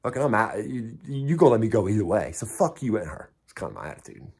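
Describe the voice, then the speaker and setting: A man's voice: on the low side, big pitch swings, fast, darkish tone, breathy edge. A man telling a story in a casual way, blunt and heavily profane, and mocking himself. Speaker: vlogger recounting prison time.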